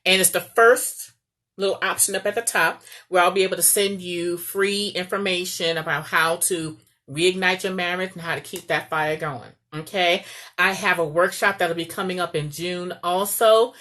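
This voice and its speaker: A woman's voice: lowish voice, fairly even intonation, normal speed, fairly bright tone. A woman giving casual marriage advice as a coach, chatty and often checking in with "okay?". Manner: chatty, repeats "okay?" to the viewer.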